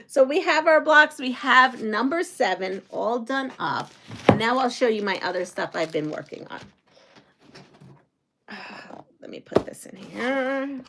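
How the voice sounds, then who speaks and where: A woman's voice: a little high, background noise. Chatty middle-aged woman hosting a live stream. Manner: chatty and rambling, chatting with viewers. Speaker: quilting channel host. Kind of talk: casual livestream chat.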